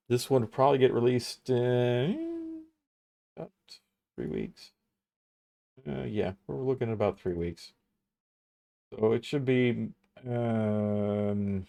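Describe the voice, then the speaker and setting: Lowish guy streamer rambling n joking while he plays, chill at-home vibe. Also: a little mellow. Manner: rambling, self-joking and chatty. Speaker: game streamer. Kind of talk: casual gameplay commentary.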